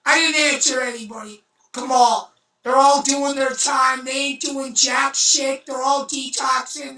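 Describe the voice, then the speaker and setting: Intense high-voiced woman, blunt storytelling on a livestream, slow bright delivery, roomy off-mic sound. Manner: intense, blunt, swears, bursts into shouting. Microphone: phone. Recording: roomy echo, far from mic.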